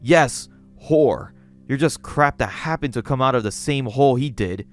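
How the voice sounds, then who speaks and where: A man's voice: medium pitch, animated, normal speed, faint music behind, lightly acted. A man voicing an obsessive gothic lolita woman who scolds sweetly and menacingly. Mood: accusing.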